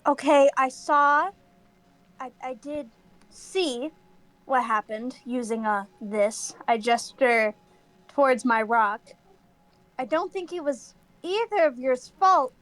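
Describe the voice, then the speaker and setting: A woman's voice: sits high, lively intonation, takes it slowly, a bit bright, heavily acted. A woman voicing an earnest young warrior cat in a tabletop game, stumbling over words then pleading indignantly.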